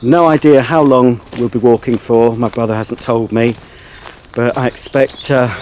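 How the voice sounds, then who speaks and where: A man's voice: medium pitch, steady tone, normal speed, darkish tone, slight background noise. An English man vlogging in a casual chat, rambling along as he tells a story. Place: outdoors on a countryside path.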